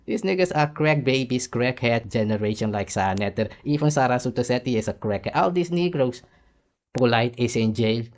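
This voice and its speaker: A man's voice: medium pitch, expressive, moderate pace. A man from Suriname, hosting a heated, mocking commentary rant over clips and repeating catchphrases. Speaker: commentary channel host.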